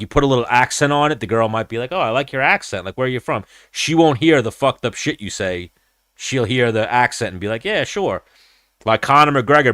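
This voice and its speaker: A man's voice: lowish voice, a bit bright, no room sound, studio quality. Blunt, profane man hosting a fight podcast. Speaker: podcast host. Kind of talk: casual combat-sports chat.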